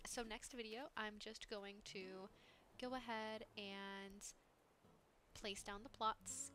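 A woman's voice: mid-range voice, a bit bright, slight background noise. A young woman hosting a gaming channel, chatting casually to viewers with frequent giggles as she plays. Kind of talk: casual gameplay commentary. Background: background game music.

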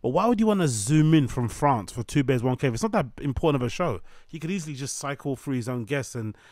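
A man's voice: medium pitch, lively intonation, fast talker, a little mellow, dry recording. Man ranting in dry commentary. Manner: ranting, mocking, repetitive lists. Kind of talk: opinionated commentary.

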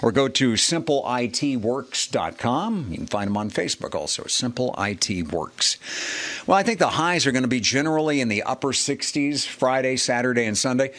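Needs a folksy, chatty man of medium pitch, casual local weather host. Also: expressive, moderate pace, a bit bright. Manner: chatty, folksy, reads ads conversationally.

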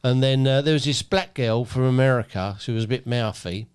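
Man, casual podcast chat, storyteller, jumps into high squeaky voices for quotes. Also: brisk, darkish tone, clean tone. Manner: acts out quoted voices in a high pitch when telling stories. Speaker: podcast co-host.

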